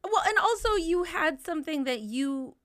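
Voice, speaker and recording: A woman's voice: extremely high pitch, animated, moderate pace, fairly bright tone, no room sound, clean studio sound. A woman hosting a casual chat, reacting and reflecting on her guests' story.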